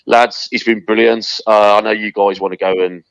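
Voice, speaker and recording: A man's voice: fairly low pitch, level tone, moderate pace, creaky, smooth, no echo. A man chatting as a podcast guest in a matey, encouraging way, calling everyone mate, heard on a dull, dry recording. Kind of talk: casual chat.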